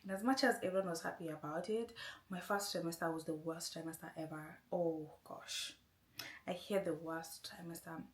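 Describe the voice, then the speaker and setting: Chatty low-voiced woman, roomy echo. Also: fairly even intonation, moderate pace. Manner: rambling, chatty, keeps saying "anyway". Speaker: vlogger. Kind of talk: casual storytelling vlog.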